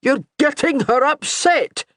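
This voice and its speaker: Brief: gruff, grumbling clansman, woman reading, muttering complaints, dry close sound. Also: mid-range voice, animated, a little fast, no room sound, lightly acted. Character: grumbling, protective older male clan soldier.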